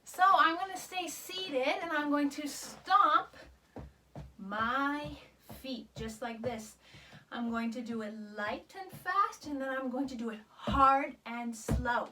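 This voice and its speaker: High-pitched, slow-talking woman yoga teacher. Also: pushed and bright, a little hiss or hum. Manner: upbeat, sing-song, coaxing young children. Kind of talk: children's yoga lesson.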